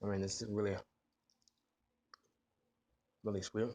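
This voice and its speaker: Laid-back low-voiced man vlogging. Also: slow pace. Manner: relaxed, filler-heavy reactions with frequent exclamations. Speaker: food vlogger. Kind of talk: casual taste-test vlog.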